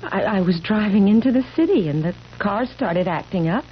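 A woman's voice: medium pitch, expressive, moderate pace, natural voice. An actress playing a woman cursed to stay eighteen forever, pleading and anguished, in a 1970s radio drama. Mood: nervous. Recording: dull old radio broadcast with faint hiss.

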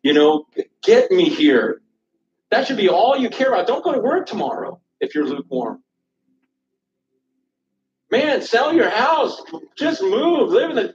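A man preaching with urgent, impassioned force, stumbling over repeated words as he presses each point. His voice sits very high for a man. He is heard from far off in a roomy, dull-sounding church recording. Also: slight background noise. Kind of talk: sermon.

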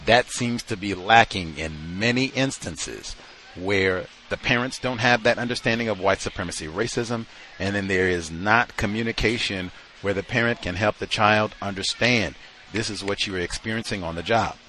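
Bright-voiced man giving emphatic commentary. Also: lowish voice, normal speed, slight background noise. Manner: emphatic, acts out quoted voices. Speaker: radio host. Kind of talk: call-in radio commentary.

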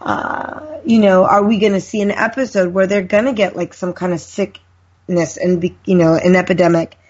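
A middle-aged woman on a podcast, chatting in a friendly way and telling drawn-out stories. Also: fairly low pitch, fairly even intonation, darkish tone, breathy edge, muffled recording. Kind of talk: casual chat.

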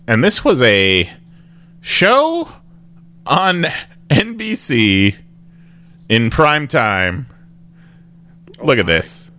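A man's voice: mid-range voice, sing-song, extremely slow, long pauses, pushed and bright. A man hosting a podcast in casual chat, rambling with restarts and laughing often. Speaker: podcast host.

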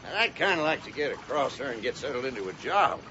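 A man's voice: mid-range voice, quick pace, natural voice. A man playing a homespun Oklahoma farmer father. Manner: homespun, lively. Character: hopeful, plain-spoken farmer father. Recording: dull, faintly hissy old film soundtrack.

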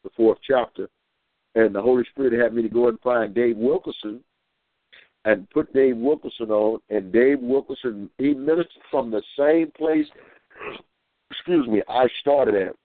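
Male minister calling in, mid-pitched, folksy and rambling, over a dry, tinny phone line. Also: normal speed, no echo. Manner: rambling, repeats himself, acts out voices. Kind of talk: folksy storytelling and preaching.

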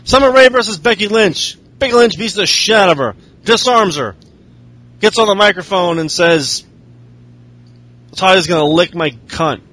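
A man's voice: sits high, lively intonation, moderate pace, bright, forceful tone. A man co-hosting a podcast, recapping wrestling in a crude, sarcastic, joking way. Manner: crude, sarcastic, mocking impressions. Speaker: podcast co-host. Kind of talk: casual wrestling recap chat.

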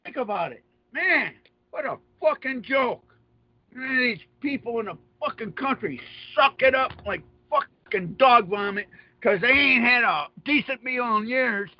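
Male radio host, very high voice, combative profane ranter, lo-fi sound. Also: expressive, measured pace, no room sound. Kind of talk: ranting monologue. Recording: dull lo-fi dry audio.

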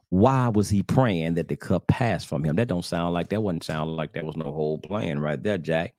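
A man's voice: low voice, moderate pace, few pauses, darkish tone, no echo, studio quality. A man, hosting a religious podcast and preaching in a rhetorical, repetitive questioning style to his listeners. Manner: rhetorical, repetitive questioning, addresses "brothers and sisters". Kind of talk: preaching-style commentary to online audience. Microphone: screen-sharing computer setup.

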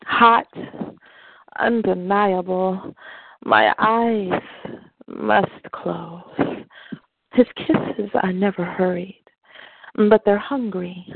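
A woman reads a sensual poem in a slow, soft, deliberate voice with a gravelly, husky edge. Her voice comes over a narrow, tinny phone line. It is dry and close, with no room sound. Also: mid-range voice, dry recording. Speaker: poet guest. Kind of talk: slow sensual poetry reading.

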